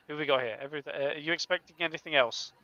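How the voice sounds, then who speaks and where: A man's voice: on the high side, fairly quick, muffled recording, background noise. A man hosting a live stream, upbeat and laughing easily as he talks to the chat. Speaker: host.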